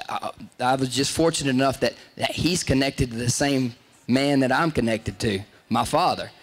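A man from Texas, hosting a show and telling stories in a rambling way, often breaking off mid-sentence and laughing at his own stories. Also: on the high side. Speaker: show host. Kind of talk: casual storytelling.

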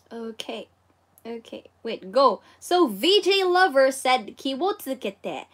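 A woman's voice: high voice, very animated, slow, fairly bright tone. A woman with a Filipino accent hosting a casual livestream Japanese lesson, bubbly and exclaiming often as she reads viewer comments. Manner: bubbly, exclaims and giggles often, code-switches. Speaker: livestream host teaching Japanese.

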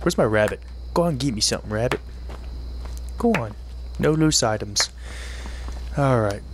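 A man giving joking let's-play commentary, partly in character, often laughing and yelling at enemies. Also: medium pitch, expressive, normal speed, noisy background. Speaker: gaming video creator.

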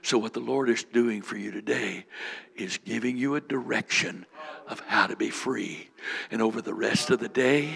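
A man's voice: fairly low pitch, moderate pace, creaky, a bit bright, husky. A man preaching as a bishop, leading a fervent prayer with repeated lines and speaking in tongues. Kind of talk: sermon with prayer ministry.

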